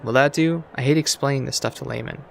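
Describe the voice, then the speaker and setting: A man reading as a gruff woman mechanic. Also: mid-range voice, fast talker, a little hiss or hum, close to an everyday voice. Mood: grumbling. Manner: gruff, dismissive. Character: grumpy woman mechanic, brusque, impatient.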